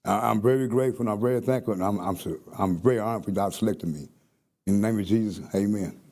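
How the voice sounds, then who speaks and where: A man giving a nervous, emotional acceptance speech at a hall of fame banquet, halting and repeating himself. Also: fairly low pitch, background noise.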